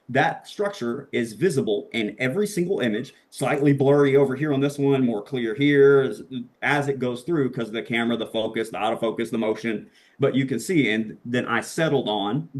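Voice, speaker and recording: A young man, a podcast guest, telling a story in a casual, excitable and profane way, acting out the voices he quotes. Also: medium pitch.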